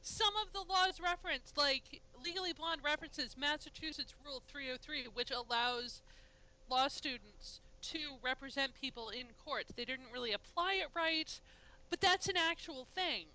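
Blunt, wry woman co-host; bright higher voice. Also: moderate pace, poor audio. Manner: blunt, swears casually, dry asides. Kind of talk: casual chat.

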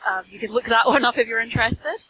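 Bright-voiced Scottish woman, wry chat. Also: a little high, a little hiss or hum, poor audio. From Scotland, near Dundee. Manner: wry, self-mocking, quick to laugh. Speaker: podcast co-host, book reviewer. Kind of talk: casual podcast chat.

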